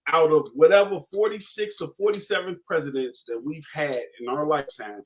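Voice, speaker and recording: A man co-hosting a live talk stream, agreeable and quick to laugh along. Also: a little high. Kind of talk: casual chat.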